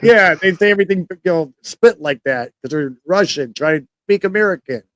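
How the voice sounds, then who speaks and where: A man's voice: a little high, animated, brisk, a bit bright, no room sound, rough recording. A man in a casual podcast chat, talking eagerly about music. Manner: enthusiastic, chatty music fan. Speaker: podcast co-host.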